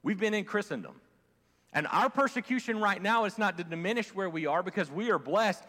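A man preaching a sermon in a relaxed, conversational way, his slightly high voice swinging lively up and down as he leans into points and drops to near quiet. A long reverb from a church hall trails his words. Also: fairly quick. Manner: conversational preaching, swinging from loud emphasis to quiet, with fillers and restarts. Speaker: pastor. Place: church sanctuary.

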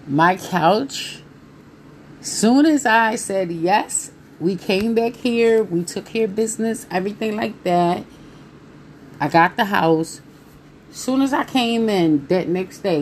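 A woman in her thirties telling viewers a personal story in a casual, animated way, talking straight to them. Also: mid-range voice, takes it slowly, a little hiss or hum.

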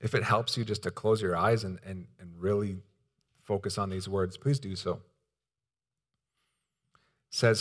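Earnest, slow-speaking male pastor. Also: low voice, steady tone. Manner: earnest, pleading, pauses and restarts. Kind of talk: sermon.

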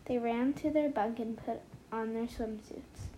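A woman's voice: a little high, fairly even intonation, measured pace, mellow, a little hiss or hum, poor audio. A woman reading a children's picture book aloud for her podcast, then chatting about it in a gushing way and repeating herself. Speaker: podcast storybook reader.

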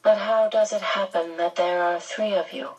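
A woman voicing a sinister man who speaks in a soft, low, soothing voice with cold menace underneath. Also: steady tone, moderate pace, husky, far from the mic, highs cut off, lightly acted. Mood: coaxing. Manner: gentle, soothing, quietly menacing.

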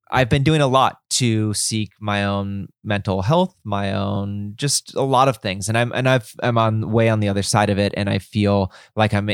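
A man's voice: medium pitch, no echo, studio quality. A man in his thirties hosting a casual solo podcast, earnest and encouraging, rambling with frequent restarts. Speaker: podcast host.

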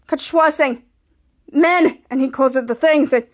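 A woman hosting a podcast, excitedly retelling a TV episode scene by scene and quoting the characters' lines. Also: sits high, a little fast. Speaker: podcast host. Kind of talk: casual episode recap.

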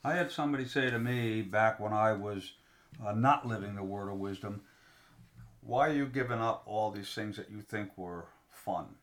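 A man co-hosting a casual faith podcast, telling a personal story in a halting way that repeats words as he goes. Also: on the low side, a bit bright. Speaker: podcast co-host. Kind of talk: casual religious discussion.

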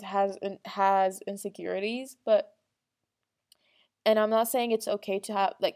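A young woman speaks to her viewers in an earnest, rambling way, full of restarts and small laughs. Her pitch sits in the middle of the range, neither high nor low. It sounds like a casual, heartfelt personal monologue. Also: a little mellow. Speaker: vlogger.

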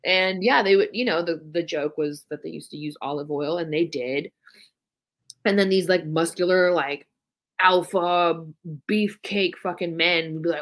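A woman's voice: low-pitched, normal speed. A woman co-hosting a podcast, telling stories casually and swearing freely. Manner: swears freely, animated storytelling. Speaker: podcast co-host. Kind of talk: casual chat.

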